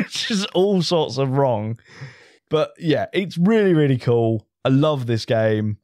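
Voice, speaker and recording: A man's voice: medium pitch, wildly swooping pitch, slow pace, dry recording, studio quality. Chatty enthusiastic man. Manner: enthusiastic, rambling, with frequent restarts. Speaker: co-host reviewing a board game. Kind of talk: casual podcast chat.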